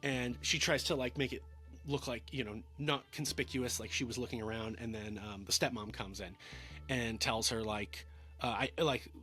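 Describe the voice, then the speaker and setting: A man's voice: mid-range voice, fairly even intonation, moderate pace, pushed and bright, soft background music. A man giving a casual film review, rambling with lots of fillers and stammered restarts.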